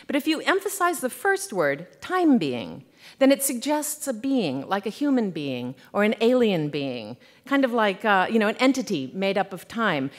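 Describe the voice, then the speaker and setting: A woman giving a conference keynote, thoughtful and playful, slowing down to dwell on key phrases. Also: medium pitch. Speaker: keynote speaker. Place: conference hall.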